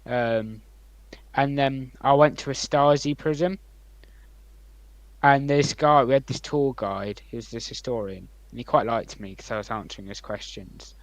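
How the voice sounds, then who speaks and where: A young man co-hosting a podcast, rambling through anecdotes with many ums and likes and swinging between loud and quiet. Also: mid-range voice, measured pace, no echo, low-quality recording. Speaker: podcast co-host. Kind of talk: casual storytelling chat.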